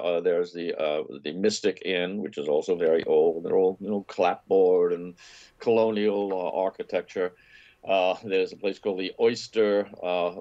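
A man's voice: sits low, a little mellow, lo-fi sound. A man, a travel and food writer, talking casually in an interview, rambling with frequent restarts and enthusiasm over a video call. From New York area.

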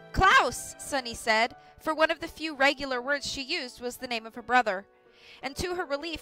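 A woman reads a novel aloud on a livestream, with clear and measured storytelling. Her voice is bright and forceful, sitting a little high for a woman. Her pace is even and steady. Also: rough recording. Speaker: audiobook reader.

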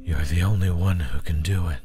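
A man voicing a mysterious unseen voice that pleads softly for help. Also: deep voice, a little fast, over music, pitched below the performer's own voice, close to an everyday voice. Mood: pleading. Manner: pleading, soothing.

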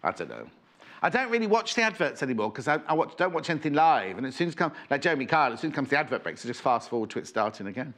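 Chatty, lively man presenting on TV. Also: mid-range voice, racing. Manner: chatty, rambling, reads out viewer messages. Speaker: shopping channel presenter. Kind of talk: live TV selling chat. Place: TV studio. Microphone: earpiece and presenter mic.

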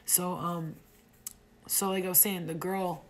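A woman's voice: on the low side, level tone, a little slow, a little hiss or hum. A woman chatting casually on a livestream, rambling and swearing freely, and saying she feels like she is getting sick. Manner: loose, rambling and profane. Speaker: livestream host.

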